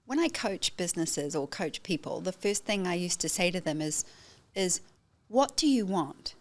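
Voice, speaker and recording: Emphatic New woman, lower voice. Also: moderate pace. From New Zealand. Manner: emphatic, animated storytelling with acted-out quotes. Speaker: guest, photographer and educator. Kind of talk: podcast interview.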